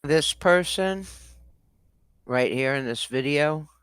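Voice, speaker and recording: A man giving viewers casual, slow, deliberate instructions. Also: fairly high pitch, fairly bright tone, clear, resonant tone.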